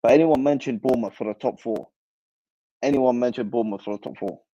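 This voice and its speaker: A man's voice: mid-range voice, quick pace, mellow, highs cut off. A young man hosting a football channel, chatting casually and reacting animatedly to live comments in slang. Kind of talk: casual livestream chat.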